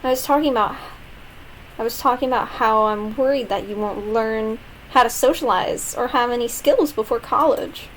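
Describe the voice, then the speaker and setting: A woman voicing a bubbly, carefree teenage schoolgirl while reading game dialogue aloud, with a high, drawn-out, sing-song delivery. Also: fairly bright tone, a little hiss or hum, natural voice, low-quality recording. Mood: earnest.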